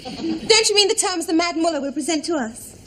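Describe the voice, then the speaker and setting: An actress playing an amateur actress who plays a soldier's daughter in a melodrama, in a breathless, melodramatic manner, on an old TV soundtrack. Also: female voice, very high voice, animated, fairly quick, a bit bright. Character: young soldier's daughter, genteel heroine. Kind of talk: sitcom acting. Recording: old TV audio with background noise.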